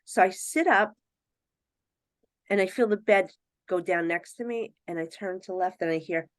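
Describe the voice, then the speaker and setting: Animated woman telling stories, dry sound. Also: lowish voice, normal speed, no room sound. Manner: animated, acts out quoted voices, laughs often. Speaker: psychic medium guest. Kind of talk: casual storytelling in a podcast interview.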